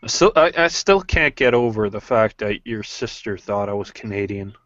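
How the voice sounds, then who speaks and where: A man's voice: fairly low pitch, expressive, normal speed, fairly bright tone, no room sound, dull audio. A man from Norway chatting casually with friends in a live group hangout, stammering, restarting and swearing often.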